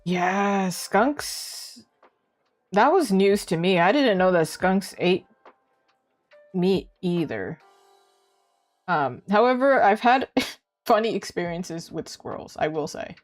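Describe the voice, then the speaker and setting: A young woman from Canada streams her art and chats in a giggly, casual way. She takes it slowly, leaving long pauses, with lively pitch swings and faint music in the background.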